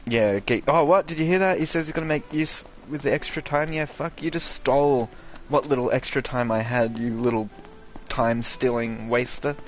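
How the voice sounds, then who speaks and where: A young man doing casual, sweary commentary over a video game, ranting and excitable. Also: mid-range voice, moderate pace, few pauses, muffled recording. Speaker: gaming streamer.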